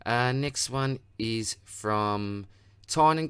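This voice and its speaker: An Australian fantasy football channel host runs a casual Q&A responding to viewer comments, relaxed and matey, calling everyone mate and buddy. His voice is on the low side and fairly quick, with no room sound.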